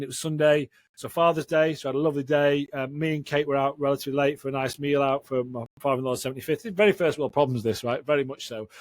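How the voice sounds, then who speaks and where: A man, telling candid, animated stories as a podcast guest. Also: mid-range voice, no room sound. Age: 40s. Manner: frank, animated storyteller who swears casually. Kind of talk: candid conversational interview.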